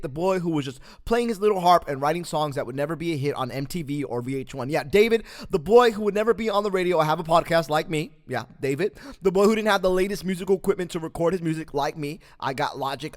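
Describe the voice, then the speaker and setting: A man hosting a podcast, telling a Bible story as a motivational talk, with lots of fillers and animated asides. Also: fairly high pitch. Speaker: podcast host. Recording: long echoing reverb.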